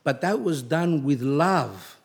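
A fairly high, animated voice belongs to a middle-aged man who takes his time over a rambling religious talk. His storytelling drifts from point to point with many restarts, and his scolding comes out blunt and emphatic.

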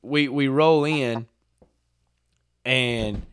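A man with a drawl tells a hunting story in relaxed podcast chat, his voice mid-pitched and recorded dry and close. He acts out what people said with sudden bursts of excitement and laughter. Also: extremely slow, clean tone, no echo. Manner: animated storyteller, acts out quotes, laughs often. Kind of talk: casual chat.

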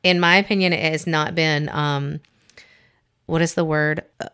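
Woman podcast host, kinda low voice, reads stuff out loud and trips on words, laughs a lot. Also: fairly even intonation, smooth. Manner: chatty, reads haltingly with giggles and self-corrections. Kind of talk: casual chat reading test results aloud.

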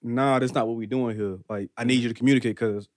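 A man co-hosting a podcast in casual chat, chiming in quickly with agreement and short points. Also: mid-range voice, steady tone, no room sound, clean studio sound. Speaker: podcast co-host.

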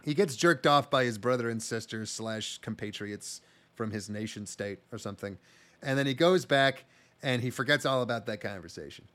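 A man's voice: medium pitch, normal speed, a bit bright. A man co-hosting a casual podcast chat, swearing freely and acting out scenes in goofy voices. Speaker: podcast co-host.

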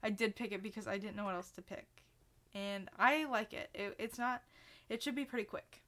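A woman hosting a laid-back true-crime podcast, telling the story in a casual way with quick asides and easy laughs. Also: medium pitch, a bit bright. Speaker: podcast host.

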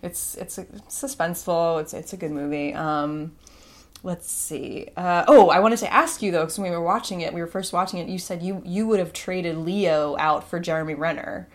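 A woman co-hosting a podcast in relaxed casual chat, agreeable and chatty. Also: fairly low pitch. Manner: chatty, quick to agree, slips into mock voices. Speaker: podcast co-host.

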